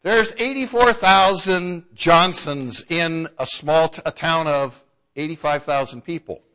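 A man's voice: a little high, measured pace, bright, forceful tone. A man preaching a conversational sermon and now and then acting out the voices of townspeople.

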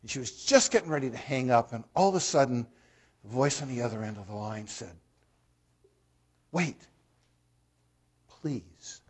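A man's voice: mid-range voice, quick pace, breathy edge. A man preaching a sermon as a pastor, telling a story in a conversational way and putting questions to the congregation.

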